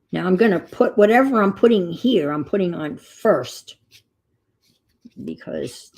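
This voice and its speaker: A woman's voice: fairly low pitch, creaky, dark tone, breathy edge. A middle-aged woman chatting casually as she crafts on a stream, telling rambling stories. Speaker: crafting vlogger.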